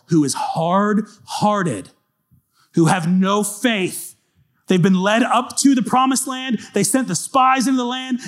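A male pastor preaching a sermon in a conversational, animated storytelling manner. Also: high-pitched.

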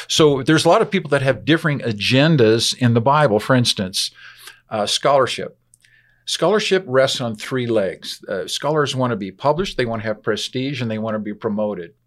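An older man, a biblical archaeologist, telling a lively anecdote as a podcast interview guest. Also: mid-range voice, moderate pace. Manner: animated anecdote-telling, acts out voices.

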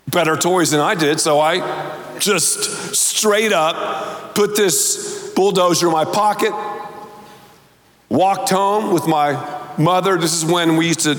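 A man pastor preaching a sermon to a large congregation, telling a story with deliberate emphasis. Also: high voice, a bit bright. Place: large church auditorium. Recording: echoey large hall.

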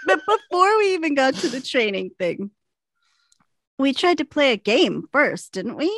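Woman, high voice, very lively pitch, animated, laughing, dry close sound. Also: moderate pace, no room sound. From American Midwest. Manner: animated, laughing, acts out quotes. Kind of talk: casual storytelling chat.

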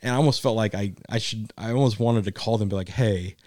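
Man, podcast co-host, rambling casual story, laughs a lot, lowish voice, dry close sound. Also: fast, a little mellow, dry recording. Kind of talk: casual chat.

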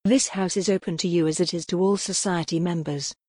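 A woman doing a calm, controlling young man. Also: high-pitched, fairly quick, slightly rough, no echo, studio quality. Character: calm, smooth young man leading a cult.

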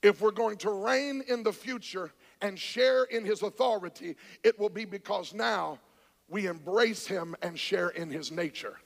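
A man preaching a charismatic sermon, shouting and calling on the congregation to answer back. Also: high voice, a little slow, creaky. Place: church sanctuary. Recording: church hall with long reverb.

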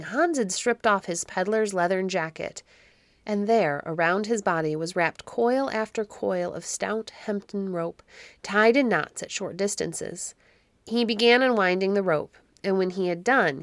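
A woman narrating a classic children's story in a measured, expressive reading. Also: mid-range voice, dry recording. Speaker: audiobook narrator.

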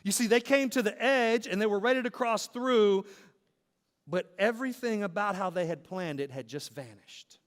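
A man's voice: high voice, normal speed. A man preaching a sermon as pastor, in a rhythmic style with repeated phrases that build to emphatic peaks. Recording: long hall reverb.

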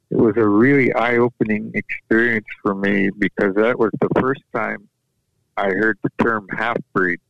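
A man whose first language is Yup'ik, telling a personal story in an unhurried, halting way, often restarting his sentences. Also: on the low side, steady tone, vocal fry, dry recording. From Alaska. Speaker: guest sharing a personal story. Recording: dull lo-fi dry recording.

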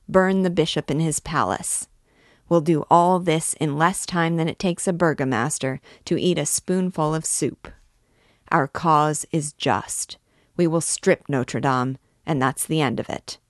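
A woman's voice: sits low, dry recording, clean studio sound. A woman voicing a brash, boastful young man in armor, speaking with swagger.

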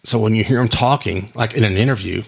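A man's voice: on the low side, quick pace, creaky, breathy edge. A man casually chatting as a podcast co-host about movies and TV, rambling with restarts and playful impressions.

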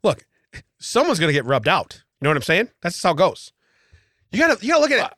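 A man co-hosting a casual podcast chat, telling a story in an animated way with frequent laughs, recorded in a podcast studio. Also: high-pitched, quick pace, dry recording. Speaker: podcast co-host.

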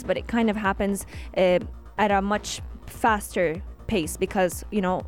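A woman talks through news stories on a radio show in an easy, conversational way, using small fillers as she goes. A faint music bed plays underneath. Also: medium pitch. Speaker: radio co-host. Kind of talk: casual radio talk and news chat.

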